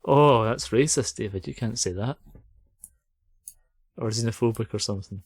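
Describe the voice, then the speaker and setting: A man's voice: mid-range voice, normal speed, slightly rough, dry recording, studio quality. Jokey Scottish man on a podcast. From Scotland. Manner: jokey, laughs often. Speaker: podcast co-host. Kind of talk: casual chat.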